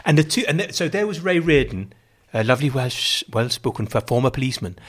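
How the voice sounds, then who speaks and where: A man's voice: mid-range voice, expressive, fast. A man in his forties telling a rambling, self-mocking story in casual chat, full of restarts.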